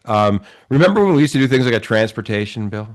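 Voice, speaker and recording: A man's voice: medium pitch, animated, fast. A man with a Wisconsin accent giving earnest, argumentative political commentary on a talk show.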